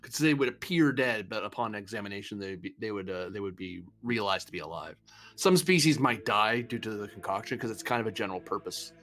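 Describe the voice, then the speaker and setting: A man's voice: fairly low pitch, lively intonation, fairly bright tone. A man running a sci-fi tabletop game as game master, narrating scenes and rulings with frequent "uh" fillers and laughs. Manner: laughs often, fills pauses with uh. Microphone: streaming mic.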